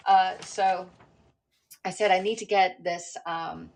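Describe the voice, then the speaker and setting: A middle-aged woman chatting on her own livestream, wandering from one thought to the next. Her voice sits a little low. She talks loosely and informally, with plenty of ums and self-corrections. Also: fairly even intonation, takes it slowly, gravelly, darkish tone, a little hiss or hum. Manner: rambling, chatty, with many fillers and restarts. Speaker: livestream host. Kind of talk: casual livestream chat.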